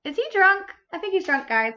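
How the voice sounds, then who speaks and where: Sassy lady baking on stream, high bright voice, teasing and cussing, kinda muffled audio. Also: sing-song, fairly quick. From United States. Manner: sassy, playful teasing, swears freely. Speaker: baking livestream host. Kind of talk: casual chat while baking.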